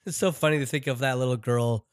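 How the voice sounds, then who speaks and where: A man's voice: medium pitch, steady tone, fast, no room sound, clean studio sound. A man co-hosting a casual comic book podcast, laughing often and sounding enthusiastic. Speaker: podcast co-host.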